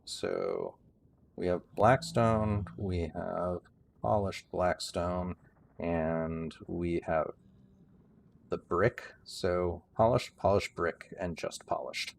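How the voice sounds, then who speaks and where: A man's voice: deep voice, animated, very slow, vocal fry, a little hiss or hum. A man livestreaming a building game, rambling casually with many restarts and some dry sarcasm.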